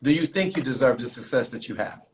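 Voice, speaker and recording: A man hosting a casual live-streamed talk show, talking loosely with lots of fillers and shout-outs to viewers. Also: mid-range voice, animated, fast talker. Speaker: podcast host.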